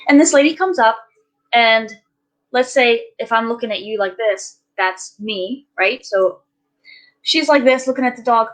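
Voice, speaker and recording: A woman's voice: a little high, lively intonation, normal speed, fairly bright tone, low-quality recording. A woman telling stories in a casual chat, ranting animatedly with lots of fillers.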